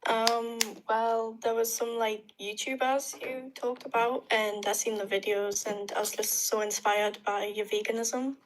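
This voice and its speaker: A woman's voice: a little high, flat delivery, a little slow, few pauses, slight background noise, rough recording. A woman joining a live stream as a guest, speaking hesitantly with fillers. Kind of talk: casual conversation.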